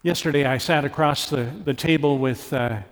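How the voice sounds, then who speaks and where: A middle-aged man from Canada delivering a sermon from the pulpit, his voice sitting a little high for a man. He preaches earnestly, pushing up in pitch on the points he stresses and falling quiet and close when he speaks of his own life. His words ring out under a long hall reverb. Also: fairly even intonation, normal speed. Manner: earnest, rises in pitch for emphasis, drops soft when personal. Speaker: pastor.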